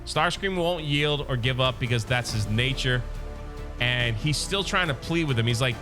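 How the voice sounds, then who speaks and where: A man recapping a comic book in casual, excited commentary, openly biased toward his favorite character. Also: mid-range voice, unhurried, over music.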